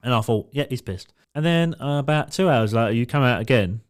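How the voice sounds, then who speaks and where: A man's voice: mid-range voice, lively intonation, brisk. A man co-hosting a podcast, telling a story in casual chat and swearing freely. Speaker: podcast co-host.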